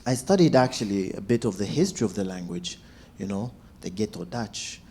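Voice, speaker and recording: Man, stand-up comedy storytelling, lively swooping pitch, acts out quotes. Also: brisk, slight background noise. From Zambia. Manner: animated, acts out shouts and quotes.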